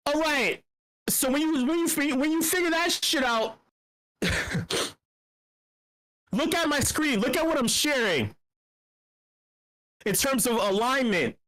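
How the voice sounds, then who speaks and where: A man hosting a casual live voice-channel show, brash and profane, teasing his listeners and swinging into loud drawn-out shouting. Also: very high-pitched. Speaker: host of a community voice-chat show. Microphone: computer mic in voice channel.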